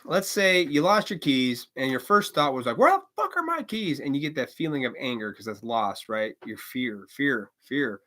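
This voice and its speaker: A man's voice: mid-range voice, moderate pace, hardly any pauses, sharp tone. A man hosting a live stream, rambling casually with profanity and chuckles, now and then acting out quoted voices.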